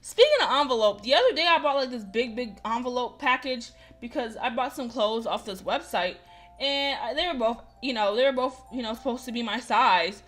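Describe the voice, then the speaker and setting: A young woman hosting a visual novel playthrough, chatting to viewers with animated, casual asides. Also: a little high, moderate pace, soft background music. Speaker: gaming host.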